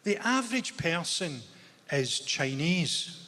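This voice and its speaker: A man from Glasgow with a Glaswegian Scottish accent, delivering a stand-up comedy set in dry, deadpan one-liners. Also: a little high, takes it slowly. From Glasgow, Scotland. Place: large theatre stage. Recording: reverberant theatre hall with audience noise.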